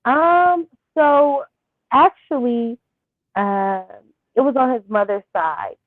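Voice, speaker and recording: A young woman interviewed as a guest, telling a personal story softly and haltingly, with many fillers. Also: on the high side, dry recording. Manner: soft-spoken, halting with fillers. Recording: thin phone-like line.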